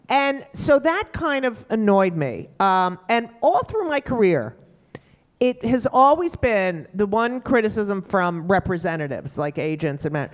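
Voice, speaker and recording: A middle-aged woman comedian, telling stories emphatically in a panel conversation. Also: moderate pace. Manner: animated, emphatic storyteller with sudden pitch jumps. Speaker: stand-up comedian.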